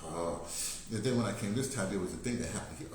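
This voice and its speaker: An older American vlogger talks fast in a rambling, casual monologue, digressing, laughing often and restarting a lot. His voice is fairly low with a darkish tone, recorded in a very echoey room with slight background noise.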